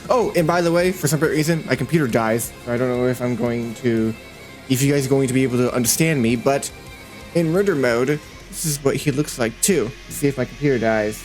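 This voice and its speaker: A man casually narrating his 3D work session, thinking aloud in a rambling, playful way with lots of fillers. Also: medium pitch. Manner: easily excited, playful. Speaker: 3D animator and creator.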